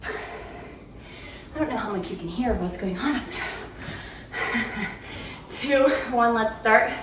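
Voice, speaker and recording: A female fitness instructor cues a home cardio workout in a room at home, upbeat and chatty, laughing between cues and out of breath as she speaks. Her voice is on the high side, expressive and slow-paced. She sounds far from the mic in a roomy, off-mic recording with heavy background noise.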